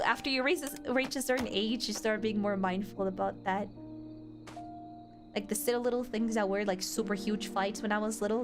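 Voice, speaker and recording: A young adult woman with a medium-pitched voice streams a game, chatting casually with her chat in a rambling, giggly manner packed with fillers.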